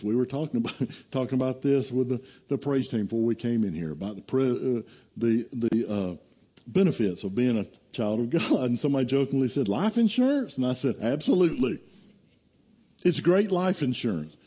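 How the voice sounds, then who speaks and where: A man preaching a sermon, telling a scripture story in a storytelling way, dropping low and hushed and then rising to emphatic, raised lines. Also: expressive, a little fast, breathy edge, dull audio. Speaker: pastor.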